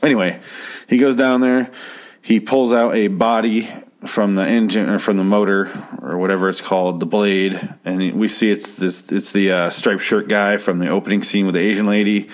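A man's voice: fairly low pitch, fairly even intonation, normal speed. A man recapping a TV episode in a rambling, sarcastic way, swearing freely. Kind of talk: casual profane recap.

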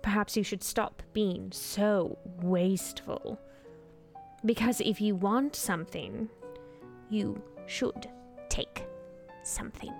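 Woman voicing a cold scornful lecturer, gravelly voice, slow, audio drama, music behind. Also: medium pitch, expressive, a little mellow.

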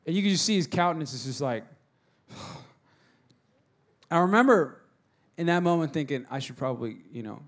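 A man, preaching a sermon and telling stories, shifting between hushed, soft moments and loud exhorting. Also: fairly high pitch, expressive, normal speed, long pauses. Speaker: pastor.

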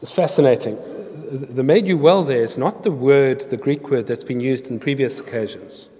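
A man's voice: mid-range voice, normal speed, warm tone. Preaching man in a reverberant hall. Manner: earnest, storytelling, explains scripture words. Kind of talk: sermon with scripture reading.

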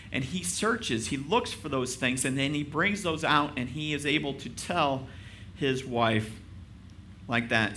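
A man's voice: mid-range voice, sharp tone, slight background noise. A male pastor preaching a sermon in a casual, conversational way. He makes self-deprecating jokes and keeps asking his listeners rhetorical questions.

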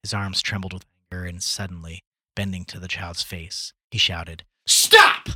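Expressive man reading a story aloud. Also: sits low, normal speed, breathy edge, no echo. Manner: expressive, voices the dialogue dramatically. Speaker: podcast reader.

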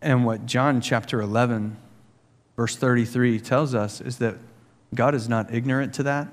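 A pastor with a mid-range voice preaches a sermon at a moderate pace, earnest and full of rhetorical questions. He grows animated as he tells stories, and the recording carries a long hall reverb.

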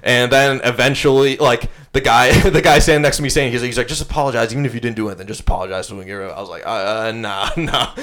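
Fast-talking young man telling a story. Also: mid-range voice, fairly bright tone. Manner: rambling anecdote with frequent likes and profanity. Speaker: podcast host. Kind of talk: casual storytelling chat.

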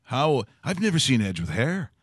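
A man's voice: medium pitch, big pitch swings, moderate pace, slightly rough, no room sound. A man hosting a sports talk show in a studio, chatting casually with fillers and restarts. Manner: rambling, many fillers and restarts, laughs easily.

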